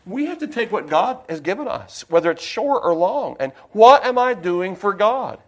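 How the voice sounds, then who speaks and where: Male preacher, high voice, folksy, rambling sermon with personal stories, slows to stress points. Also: very animated. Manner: folksy, digressive, with personal anecdotes.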